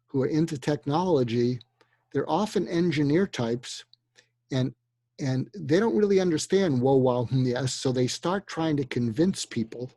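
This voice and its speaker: Older man coaching in a calm voice. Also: mid-range voice, no echo. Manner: acts out quoted dialogue in a calm coaching tone. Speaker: guest expert on persuasion. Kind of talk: conversational advice-giving.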